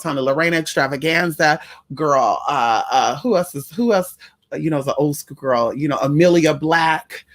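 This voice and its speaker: A trans woman vlogger telling a story to her viewers in a sassy, chatty way, calling them y'all and honey. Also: deep voice.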